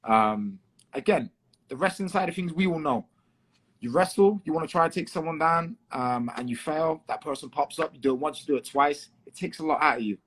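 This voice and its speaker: A man with a Liverpool accent, a guest fighter in a casual podcast chat, talking quickly and repeating himself as he works through his points. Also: on the high side, a bit bright, slightly rough. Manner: quick, repetitive, chatty.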